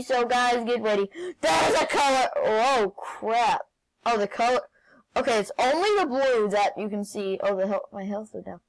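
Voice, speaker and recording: A woman playing a video game and commenting as she goes, excitable, often shouting and laughing. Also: fairly high pitch, low-quality recording. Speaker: gaming channel host.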